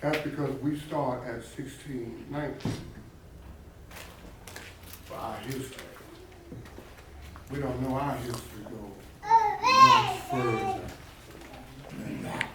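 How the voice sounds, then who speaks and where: A man's voice: medium pitch, huge pitch swings, slow pace, long pauses, noisy background. A man, a pastor leading a Bible study class, speaking emphatically and putting questions to his listeners. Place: church classroom. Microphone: distant room mic. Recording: very echoey room, far from mic.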